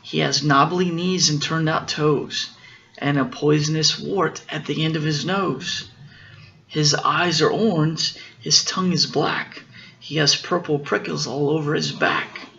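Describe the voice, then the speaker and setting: A man voicing a clever little male mouse in a storybook reading, with a bright, lilting voice. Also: fairly high pitch, fairly even intonation, measured pace, gravelly, dull audio, exaggerated voice. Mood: frightened.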